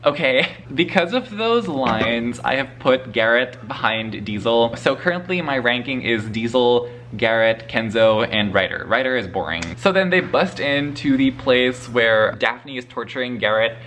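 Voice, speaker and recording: Bright-voiced, foul-mouthed book vlogger. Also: male voice, mid-range voice, expressive, a little slow, hardly any pauses, slight background noise. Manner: profane, gushing and laughing often. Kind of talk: casual spoiler vlog talk.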